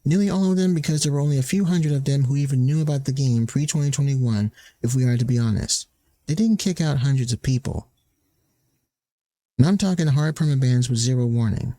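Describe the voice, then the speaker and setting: A man rants in angry commentary, swearing often and mocking the people he quotes. His voice sits a little high for a man. The sound is dry and close, with no room around it. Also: sing-song, moderate pace, darkish tone, no echo. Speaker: streamer.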